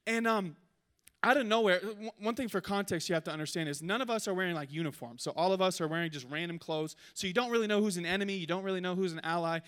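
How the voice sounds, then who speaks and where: Male preacher, high voice, lively storyteller. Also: fast, clean tone. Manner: animated storytelling with jokes. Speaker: pastor. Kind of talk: sermon.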